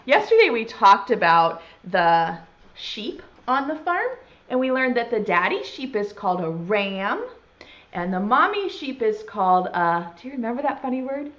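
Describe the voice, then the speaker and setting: A woman teaching a virtual preschool lesson, talking slowly and in an exaggerated, sing-song way to small children and signing words as she goes. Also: a little high, very animated, a bit bright. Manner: uses sign language alongside speech. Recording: dull lo-fi sound.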